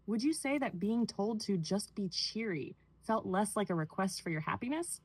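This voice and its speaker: A synthetic woman's voice giving a measured, clinical analysis in the manner of a therapist. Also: medium pitch, lively intonation, slightly rough, no echo, rough recording. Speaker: AI therapist-style responder. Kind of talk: clinical analysis read aloud.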